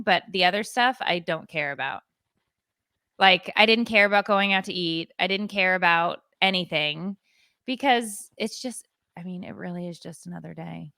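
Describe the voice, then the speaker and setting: A woman's voice: medium pitch, clear, resonant tone, no room sound, clean studio sound. A woman co-hosting a parenting podcast, telling a story in casual chat and acting out what others said. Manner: animated storytelling, acting out quoted voices. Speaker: podcast co-host.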